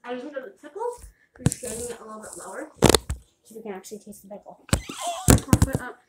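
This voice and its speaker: A young girl hosting a casual food-tasting vlog, chatty and excited, getting loud when she tastes. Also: fairly high pitch, fast, very noisy. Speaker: vlogger.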